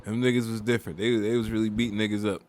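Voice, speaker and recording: A man co-hosting a podcast in casual chat, relaxed and slangy, laughing often. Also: fairly low pitch, very fast, very noisy. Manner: laid-back, laughs often, slangy street talk. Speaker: podcast co-host.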